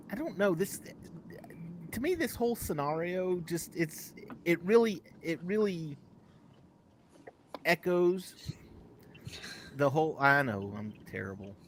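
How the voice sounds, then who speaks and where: Animated, rambling man chatting on a live show. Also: a little high, slow, long pauses, slight background noise. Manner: animated, rambling, self-correcting. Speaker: podcast co-host. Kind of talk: casual live show chat.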